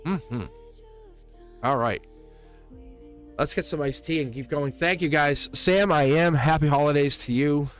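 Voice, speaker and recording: A man's voice: on the high side, a little slow, long pauses, soft background music. A man giving a live-stream tarot reading, effusive and encouraging, who laughs often and repeats his phrases.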